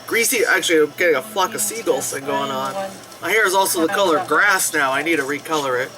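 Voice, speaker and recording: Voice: mid-range voice, fast talker. A movie reviewer giving casual reaction commentary, laughing often, swearing freely and mimicking the characters. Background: film soundtrack music playing.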